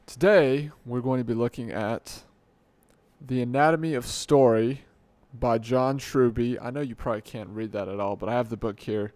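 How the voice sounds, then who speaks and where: Late at night in a dimly lit room at home, a young man hosts a solo, unscripted podcast into a desk mic, rambling, correcting himself, and joking at his own expense. His mid-range voice is a little mellow, with no room sound.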